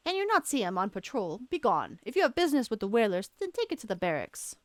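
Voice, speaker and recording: A woman's voice: on the high side, sing-song, fast talker, dry recording, studio quality. A woman voicing a brusque male guard who dismisses people curtly.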